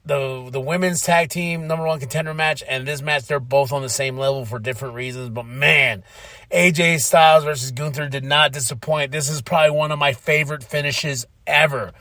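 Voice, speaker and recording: Podcast host, male, fairly high voice, dry close sound, excitable recap of the night's matches. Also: a little fast, dry recording. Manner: excitable, acts out quotes. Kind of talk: casual recap of a wrestling show.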